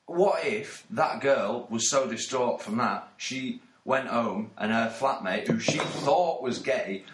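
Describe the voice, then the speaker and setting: A man's voice: mid-range voice, fairly bright tone. A man, arguing playfully in casual banter. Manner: playfully argumentative. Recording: echoey room with faint noise.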